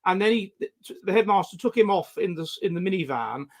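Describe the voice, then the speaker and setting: Rambling man with a high voice. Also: expressive. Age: 40s. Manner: rambling, halting storytelling with many restarts. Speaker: guest. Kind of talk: casual conversation.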